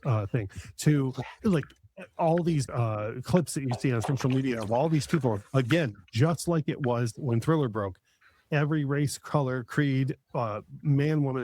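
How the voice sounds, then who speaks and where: A man's voice: medium pitch, a little mellow, a little hiss or hum. A middle-aged man chatting casually as a podcast host, enthusiastic and rambling with many fillers and restarts. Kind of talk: casual chat.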